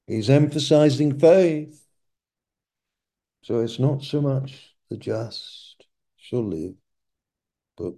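A man preaching a sermon, speaking slowly and emphatically and repeating key phrases for weight. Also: medium pitch, lively intonation, mellow.

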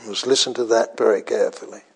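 An older man preaching a sermon in a slow, deliberate way, pausing often and repeating phrases for weight. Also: on the low side, fairly even intonation, gravelly, breathy edge.

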